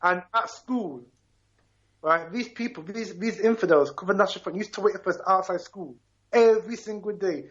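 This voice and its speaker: A Ghanaian man in his fifties phones a radio talk show, speaking emphatically and passionately and frequently asking "right?". His voice is high-pitched and fairly bright at a moderate pace, though the audio sounds dull.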